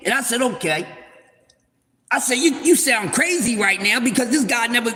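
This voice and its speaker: Loud rambling man on a livestream. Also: very high-pitched, expressive, moderate pace, big-room sound, faint music behind. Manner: loud, rambling, playful trash talk with shout-outs. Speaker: livestream host. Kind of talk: casual sports talk livestream.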